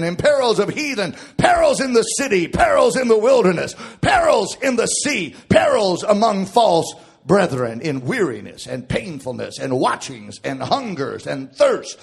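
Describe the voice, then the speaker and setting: A man preaching a sermon, shouting in a chanted cadence that drops to quiet reading of scripture. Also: sits high, creaky, breathy edge.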